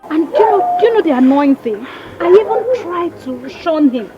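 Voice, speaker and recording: A woman's voice: very high voice, very animated, normal speed. An actress with a Nigerian accent playing a frightened, angry young village woman. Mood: upset. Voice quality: frustrated, pleading. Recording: dull film audio with loud music.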